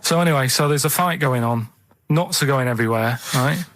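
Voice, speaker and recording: A man on a radio chat show, telling rambling stories in a deadpan way. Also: mid-range voice, brisk, slight background noise. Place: radio studio.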